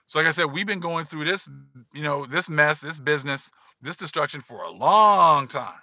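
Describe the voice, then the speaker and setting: A man's voice: a little high, expressive, normal speed, sharp tone, no room sound, lo-fi sound. A man giving casual livestream commentary, emphatic and repetitive, talking straight to his viewers. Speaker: online commentator.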